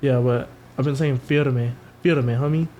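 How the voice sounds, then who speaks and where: A man's voice: medium pitch, fairly even intonation, unhurried, warm tone, slight background noise. A young man co-hosting a podcast, telling rambling, profane stories in casual chat and mimicking the people in them. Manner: rambling, profane storytelling with quoted voices. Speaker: podcast co-host.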